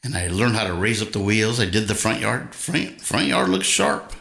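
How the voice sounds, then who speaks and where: A man's voice: fairly low pitch, big pitch swings, moderate pace, vocal fry, pushed and bright. An older man hosting a casual livestream, chatting between songs and telling rambling, folksy anecdotes. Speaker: livestream host and guitarist. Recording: echoey room with acoustic guitar.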